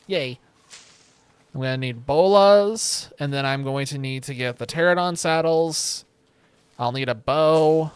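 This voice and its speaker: A man's voice: on the high side, measured pace, clean tone, no room sound. Wry, rambling young streamer man. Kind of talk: casual gameplay commentary. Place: home room with a webcam.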